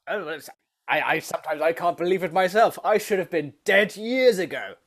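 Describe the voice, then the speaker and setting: A man's voice: high-pitched, expressive, fairly bright tone. A man playing a rambling, heavily medicated older film director, stammering and restarting constantly in a comedy interview. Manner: stammering, halting, full of restarts.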